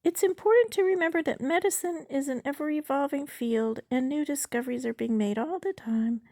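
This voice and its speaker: A woman in her sixties voicing an evasive AI chatbot in a bright, sing-song reading voice. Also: high voice, fairly quick, pitched above the performer's own voice. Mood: chirpy.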